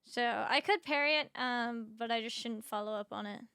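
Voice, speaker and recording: A young woman streamer giving relaxed, chatty commentary while playing a game, with many casual fillers. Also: a little high, brisk, clean tone. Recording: game music behind.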